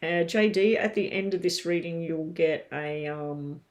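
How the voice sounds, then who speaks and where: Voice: mid-range voice, a little slow. A tarot reader doing a casual live-stream reading from home, chatting straight to viewers with lots of ums.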